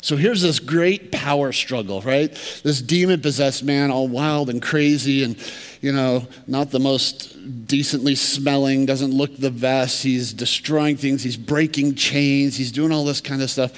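A male pastor preaching a sermon in a conversational yet emphatic way, swinging between loud and quiet passages. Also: mid-range voice, steady tone, unhurried. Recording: long reverb of a large hall.

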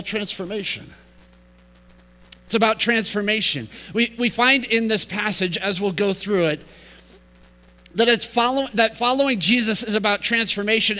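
Man, pastor, sermon, high voice, long reverb, church sanctuary. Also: sharp tone. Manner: storytelling, then reads scripture and preaches with rising emphasis.

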